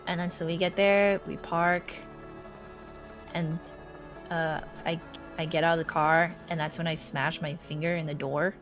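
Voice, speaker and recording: A woman's voice: low-pitched, measured pace, faint music behind. A young woman streamer telling a rambling story while she plays a game, acting out what others said. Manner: rambling, animated, quotes others in a raised voice. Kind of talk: casual storytelling chat.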